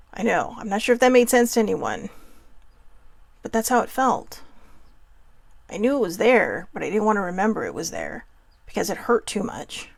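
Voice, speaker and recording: Candid woman host with a gravelly edge. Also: mid-range voice, sing-song, moderate pace, no room sound. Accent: Hawaiian. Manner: candid, emotional, many restarts and asides. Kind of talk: personal reflective monologue.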